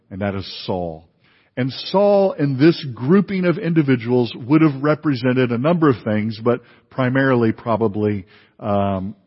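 A pastor giving a sermon in a conversational way, with many fillers and restarts. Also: male voice, medium pitch, breathy edge. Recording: dull, lo-fi recording in a reverberant hall.

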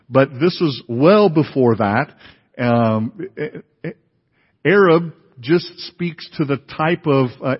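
A pastor giving a sermon in a conversational way, with many fillers and restarts. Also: male voice, fairly high pitch, breathy edge. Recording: dull, lo-fi recording in a reverberant hall.

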